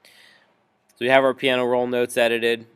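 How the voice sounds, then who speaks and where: A man teaching a music software tutorial, explaining each step patiently with frequent ums. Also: medium pitch, monotone, a little slow, smooth. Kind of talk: screen-recorded software tutorial.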